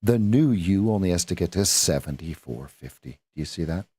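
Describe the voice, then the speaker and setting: Rambling low-voiced male trading coach. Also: lively intonation, moderate pace, warm tone, breathy edge, dry recording. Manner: rambling, self-correcting, with playful sound effects. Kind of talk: live-stream market commentary.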